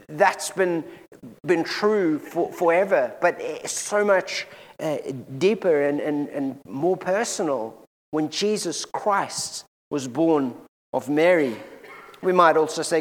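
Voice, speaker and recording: A man preaching a sermon to a congregation in a church room, earnest and often repeating words as he goes, slowing down for scripture readings. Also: on the high side, big-room sound.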